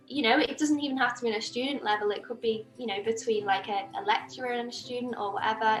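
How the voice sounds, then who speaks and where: A woman's voice: on the high side, a bit bright. Earnest young woman, echoey room. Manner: earnest, rambling with fillers and restarts. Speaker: podcast guest, engineering student. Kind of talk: casual interview chat.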